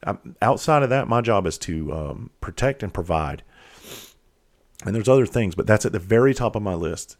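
A man with a very deep voice recounts a painful family moment. His telling is candid and profane. He halts and restarts often as the emotion presses in. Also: lively intonation, normal speed. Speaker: father telling a personal story. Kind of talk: candid personal storytelling.

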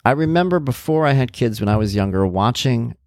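A man's voice: mid-range voice, animated, brisk, a little mellow, dry recording, clean studio sound. A middle-aged man earnestly telling his own life story as a parent, candid and reflective. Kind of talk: personal storytelling.

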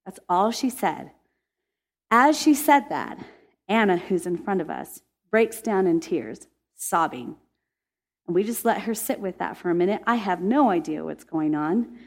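A woman's voice: fairly low pitch, measured pace. A woman telling a heartfelt faith testimony to listeners, earnest and emotive. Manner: earnest, emotive, laughs when excited. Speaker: Christian speaker.

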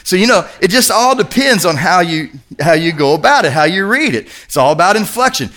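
A man from Kentucky, a pastor, preaching a sermon in a church in a lively, conversational way, asking the congregation questions. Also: high voice, fairly quick.

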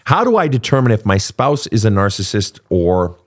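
A man's voice: on the low side, moderate pace. Middle-aged guy talking straight, cusses a lot, voice jumps up and down. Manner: blunt, profane, animated. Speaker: podcast host, coach. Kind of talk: casual advice talk.

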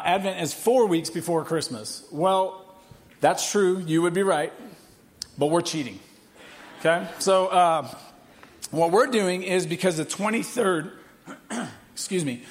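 A man in his forties preaching a sermon in a church, telling a family story in an animated way. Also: fairly high pitch. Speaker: pastor. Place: church hall.

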